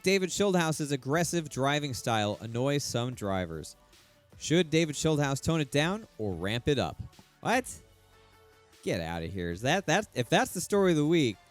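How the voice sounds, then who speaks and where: A young man commenting on his racing game career, sarcastic and openly swearing at rivals. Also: mid-range voice. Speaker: sim racing streamer.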